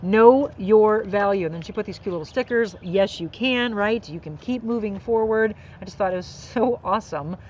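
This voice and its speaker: A woman's voice: medium pitch, fairly quick, hardly any pauses, dull audio. A woman hosting a live inspirational podcast outdoors, talking earnestly and encouragingly about faith and kindness. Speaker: podcast host. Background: birds and faint outdoor noise.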